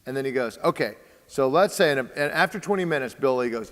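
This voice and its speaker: A man with a medium-pitched, slightly bright voice talks quickly and expressively in casual conversation, telling a story and taking on the voices of its characters. He's a baseball training host who fills his speech with plenty of uh and um. A long hall reverb makes his voice ring out.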